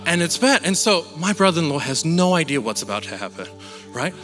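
Male preacher from Malaysia, slightly higher voice, animated sermon storytelling, hall reverb. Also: fairly quick, soft background music. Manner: animated storytelling, acts out shouting relatives.

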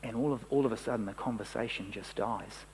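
A man preaching a sermon, telling a story and dropping to a hush for quoted lines. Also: lowish voice, fast, big-room sound, slight background noise, poor audio.

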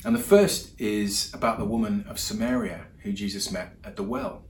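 A man's voice: on the low side, huge pitch swings, normal speed, gravelly, slight background noise. Male preacher, chatty sermon, lots of restarts, roomy church echo. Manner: conversational storytelling with many restarts. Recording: roomy hall echo with faint ambience.

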